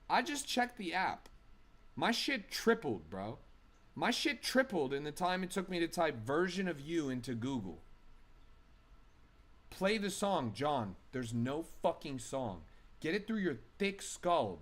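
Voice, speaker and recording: A man's voice: fairly high pitch, fairly bright tone. A man live streaming, ranting angrily and profanely at his chat.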